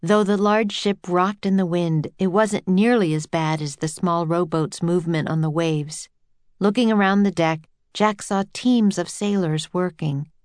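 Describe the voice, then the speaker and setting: A woman narrating a children's adventure story with a clear, steady reading. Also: on the low side, measured pace, no echo.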